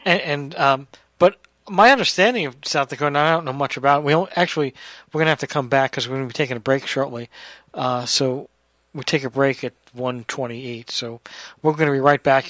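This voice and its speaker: A man's voice: medium pitch, a little fast, fairly bright tone, no room sound, poor audio. A man from New York hosting a casual radio talk show, chatty and jokey, teasing his co-hosts and guests. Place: radio studio.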